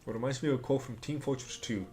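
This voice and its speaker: A man's voice: medium pitch, quick pace, warm tone, faint music behind. Man muttering dry asides on a live stream. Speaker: livestream host. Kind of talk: casual live-stream chat.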